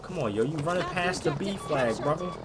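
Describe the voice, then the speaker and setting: Jokey gamer man with lively pitch. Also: brisk, over music. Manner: jokey, yelps and shouts at sudden moments, slangy. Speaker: gaming channel host. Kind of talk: excited live gameplay commentary. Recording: gunfire and game noise clearly behind.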